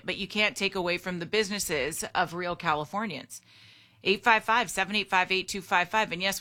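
A woman's voice: mid-range voice, bright, forceful tone. A woman hosting a talk radio show, chatty and opinionated, reading out poll figures and the call-in number.

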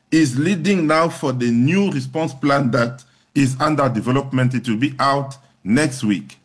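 A man's voice: medium pitch, breathy edge. Earnest man explaining in an interview. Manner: earnest, emphatic, repeating phrases in lists. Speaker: public health agency head. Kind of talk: broadcast interview answers.

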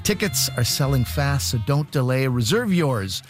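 A man's voice: mid-range voice, very animated, normal speed. A man hosting a radio comedy show, reading scripted announcements in an upbeat announcer manner. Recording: studio voice-over with music bed.

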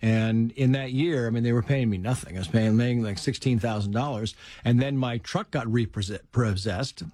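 Man, middle-aged, casual storyteller, animated, acts out quotes, dry close sound. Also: mid-range voice, normal speed, dry recording. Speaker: guest telling life stories.

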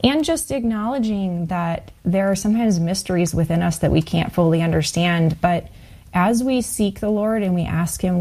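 A woman co-hosting a Christian radio show, offering gentle, reflective encouragement. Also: mid-range voice, normal speed.

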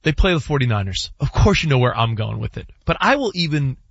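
A man on a sports talk show, animated, laughing and arguing his point. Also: mid-range voice, quick pace, vocal fry, dry recording, muffled recording.

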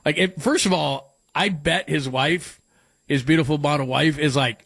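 A man hosting a daily sports talk show, rambling and joking as he reads listener texts, with a light, fairly high voice. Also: a little slow, vocal fry, a bit bright, slightly rough, no room sound. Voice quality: light, higher voice. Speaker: sports radio host.

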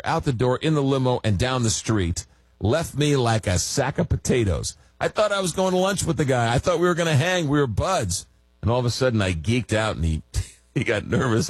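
Animated radio host, husky. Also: male voice, on the low side, no room sound. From Long Island, New York. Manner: rambling storyteller, animated, self-deprecating. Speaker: radio talk show host. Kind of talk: late-night call-in radio chat. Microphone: studio microphone.

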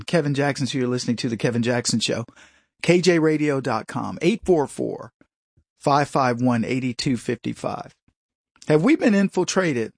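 A male talk radio host delivers a mocking, sarcastic monologue and laughs at his own jokes. His voice sits a little high and husky, leaping around in pitch. It is recorded dry and close. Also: no echo.

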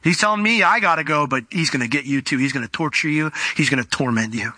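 A pleading male demon with a bright, piercing edge, firing off rising questions one after another as a preacher puts him on. The tone sits a little higher than average, and the voice is dry and close, with no room around it. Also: fast talker, no echo. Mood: scheming. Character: pleading unclean spirit, male, defensive. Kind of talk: sermon storytelling.

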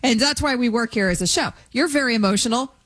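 A chatty woman co-hosting sports radio, her voice sitting a little high as she rambles emphatically through her point. She talks in a loose, conversational flow, full of fillers and restarts. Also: fast talker, a bit bright. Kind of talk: casual sports radio chat.

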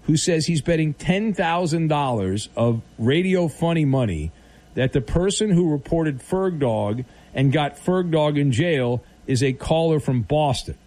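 A man's voice: a little high, animated, measured pace, darkish tone. A man hosting a late-night sports radio show, teasing callers in a playful, mock-serious way.

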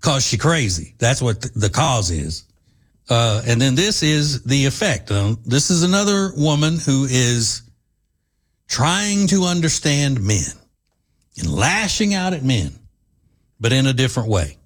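A man's voice: medium pitch, sing-song, unhurried. A middle-aged man hosting an opinionated talk show, sarcastic and emphatic. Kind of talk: opinionated radio commentary.

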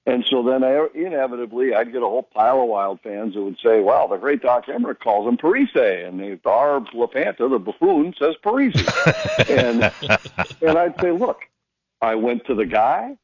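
A man's voice: medium pitch, moderate pace, slightly rough, dry recording, lo-fi sound. A man, a hockey announcer, telling stories in a casual radio chat and acting out the voices of the people he quotes. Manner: storytelling, animated quoting of others.

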